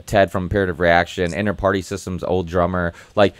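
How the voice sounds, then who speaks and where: A man's voice: deep voice, flat delivery, fairly quick, clean tone, no room sound. A young man hosting a podcast in casual chat, rambling and passionate, swearing and restarting as he goes. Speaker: podcast host.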